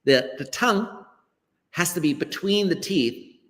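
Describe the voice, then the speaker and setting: A man's voice: high-pitched, lively intonation, measured pace, a bit bright, in a large hall. An American man, an ESL teacher, explaining pronunciation encouragingly as a guest on a live-stream video call. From United States. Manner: encouraging, explanatory, acts out quoted remarks. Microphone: laptop webcam on a video call.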